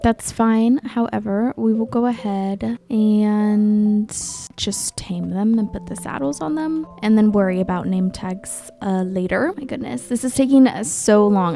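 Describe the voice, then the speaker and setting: A woman giving casual gameplay commentary, chatty and excitable, talking to the creatures in her game. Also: mid-range voice. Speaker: Minecraft YouTuber.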